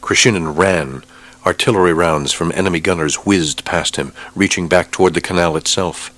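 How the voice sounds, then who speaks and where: A man narrating an audiobook with a steady, measured reading. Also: deep voice. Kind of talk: scripted narration.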